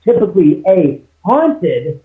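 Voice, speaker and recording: Male guest on a phone line, high-pitched, rambling storyteller full of restarts. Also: big pitch swings, slow. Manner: rambling with many restarts and quoted dialogue. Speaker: guest, homeowner. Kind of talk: casual interview storytelling.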